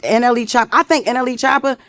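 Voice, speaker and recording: A woman's voice: fairly high pitch, steady tone, quick pace, a bit bright. A woman in her thirties with a strong Baltimore accent, a comedian chatting as an interview guest in a blunt, playful, outspoken way. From Baltimore, USA. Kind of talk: casual interview chat.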